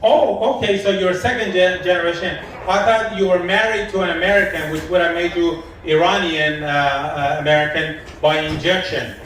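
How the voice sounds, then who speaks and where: An Iranian man performing a live stand-up set in a lounge, telling deadpan stories and quoting the people in them. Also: high voice, normal speed, hardly any pauses. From Iran. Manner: deadpan storytelling, quoting people in his jokes. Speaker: stand-up comedian. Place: comedy lounge stage. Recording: echoey room from far off, faint noise.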